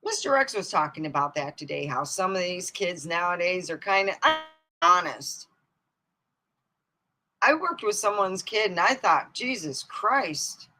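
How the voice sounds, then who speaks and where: A woman host telling funny family stories on a live stream, animated, often laughing and jumping into high excited squeals. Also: rough recording. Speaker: comedic storyteller hosting a live stream. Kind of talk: casual stand-up style family storytelling. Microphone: streaming mic.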